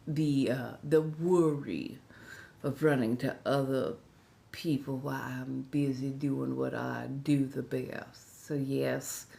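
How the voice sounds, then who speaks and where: Low, slow soft-spoken woman. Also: fairly even intonation, creaky. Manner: soft-spoken, drifting into whispers; drawling, playful, chatty. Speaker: ASMR livestream host. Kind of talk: relaxed late-night livestream chat.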